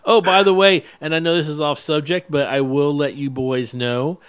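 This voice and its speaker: A man's voice: a little high, steady tone, normal speed, fairly bright tone, clear, resonant tone. A man hosting a casual podcast, rambling and laughing through his stories. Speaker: podcast host.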